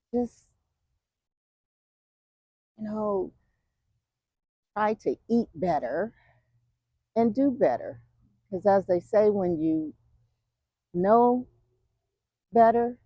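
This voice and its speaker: A woman vlogger talking while out on a walk, reflective and emotional, with many fillers and pauses. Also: fairly low pitch, no room sound, muffled recording. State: walking. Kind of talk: casual walking talk.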